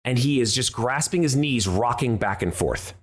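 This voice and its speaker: A male dungeon master narrating a tabletop game. His pitch moves lively up and down as he describes each scene and calls for checks. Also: moderate pace.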